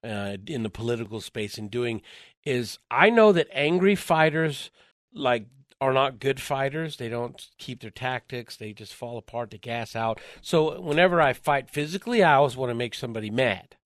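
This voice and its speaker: A man being interviewed, telling a story in lively conversation, acting out the voices in his quotes and chuckling along the way. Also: mid-range voice, moderate pace, dry recording, clean studio sound. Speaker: interview guest.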